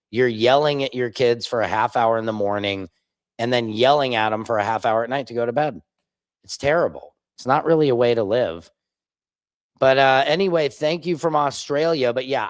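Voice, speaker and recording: An adult man, a father of children, works as a streamer and independent commentator, giving casual livestream commentary from his home studio. His voice is ordinary middle pitch, and the sound is dry and close with no room echo. He rambles and digresses, jumping between points and slipping into mocking impressions.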